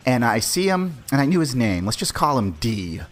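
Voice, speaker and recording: A man's voice: medium pitch, sing-song, normal speed, soft background music. Profane, chatty storyteller man. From Boston area. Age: 40s. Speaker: podcast host. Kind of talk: casual storytelling.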